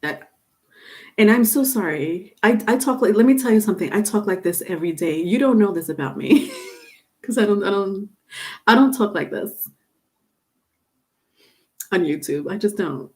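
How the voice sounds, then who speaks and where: A woman's voice: mid-range voice, animated, normal speed, pauses often, a little mellow. A middle-aged woman talks casually through a tarot livestream from home. Her delivery is chatty and loose. She circles back over her points and laughs often. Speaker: tarot reader.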